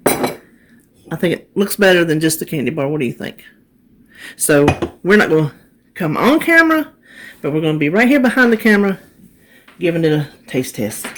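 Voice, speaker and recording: A woman hosts a casual cook-along in her home kitchen and talks viewers through each step. Her voice swoops up and down a lot. A faint hiss sits under the recording. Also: on the low side. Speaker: cooking channel host.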